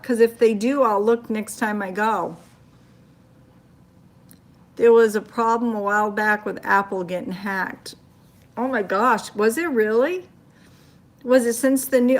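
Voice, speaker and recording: An older woman from Maine with a Maine accent, casually chatting on a phone livestream, reading viewer comments and telling stories. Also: a little high. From Maine, USA. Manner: chatty storytelling, reacting to comments.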